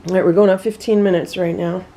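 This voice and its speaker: A woman filming her cats at home, calmly narrating what they do and cooing to them in a sing-song voice. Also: fairly low pitch, fast. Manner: calm running commentary, then sing-song baby talk to a cat. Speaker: cat vlogger. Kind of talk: casual home vlog narration. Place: home living room with cats.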